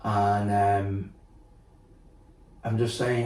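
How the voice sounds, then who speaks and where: A man's voice: on the low side, measured pace, mellow. A man telling his story as a guest, blunt and sweary, acting out what people said. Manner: blunt, swears, acts out quotes, many fillers. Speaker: podcast guest. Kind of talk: candid storytelling. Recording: roomy sound, distant mic.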